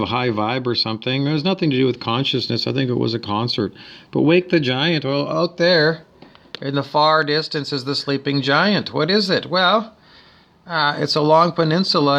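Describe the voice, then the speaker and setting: A man rants at his audience from indoors beside a window, looping back to "I don't know" between jabs. His voice has a bright, forceful edge and sits at an average pitch. The delivery is loose and meandering, blunt to the point of insult. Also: creaky. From Canada. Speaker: spiritual vlogger. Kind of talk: rambling monologue rant.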